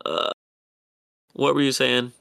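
A man's voice: medium pitch, expressive, slow pace, gravelly, pushed and bright. A man co-hosting a podcast, talking in a heated, profane rant. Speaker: podcast co-host. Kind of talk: casual podcast chat.

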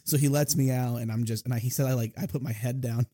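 A man's voice: medium pitch, steady tone, quick pace, warm tone, husky, no echo, studio quality. A young man telling stories in a casual chat, laughing often and quoting people in a raised voice. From Maryland, United States. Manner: storytelling, laughs often, quotes others in raised voice. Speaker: podcast co-host.

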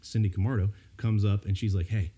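A man's voice: fairly low pitch, brisk. A middle-aged man, a dad co-hosting a casual talk show, telling a story animatedly and acting out the people in it. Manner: animated storyteller who acts out quotes. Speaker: podcast co-host, dad.

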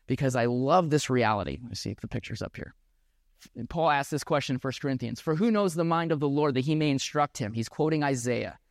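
Male pastor, mid-pitched voice, earnest reflective sermon delivery, dry sound with no room echo. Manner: earnest, reflective preaching with occasional restarts.

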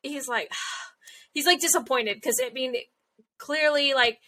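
A woman's voice: sits high, slow, pushed and bright. A young woman chatting casually, recapping episodes with lots of fillers and acted-out quotes. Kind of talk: casual chat recapping an anime.

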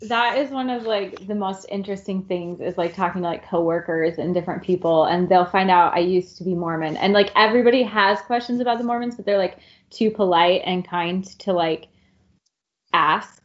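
A woman's voice: mid-range voice, normal speed. A middle-aged woman in casual podcast chat, talking frankly and swearing freely, with lots of likes. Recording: dull lo-fi sound.

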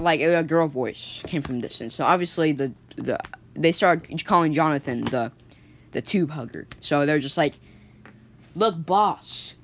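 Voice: mid-range voice, vocal fry, a little hiss or hum. A storyteller telling an improvised story in a casual, rambling way, full of fillers and restarts.

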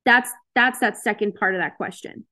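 A woman's voice: medium pitch, normal speed, sharp tone. A woman giving a casual motivational talk to her group over a video call, speaking frankly and chattily with lots of fillers. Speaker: host of a self-help session.

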